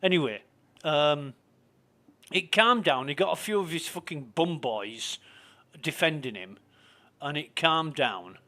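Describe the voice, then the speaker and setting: A man's voice: fairly high pitch, animated, a little slow, pauses often, sharp tone. A man ranting casually and with lots of profanity while he plays a game and talks to his stream. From Britain. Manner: profane, indignant, rambling.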